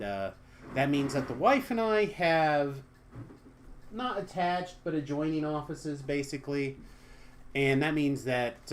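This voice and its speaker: A young man chatting casually with viewers on a live game stream, joking and trailing off into quiet asides. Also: medium pitch.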